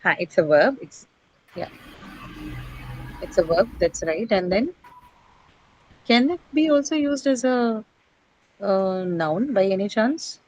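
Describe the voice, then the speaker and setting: A woman's voice: mid-range voice, animated, takes it slowly, long pauses, a little mellow, low-quality recording. A woman teaching an English class, quizzing and correcting her students on word stress.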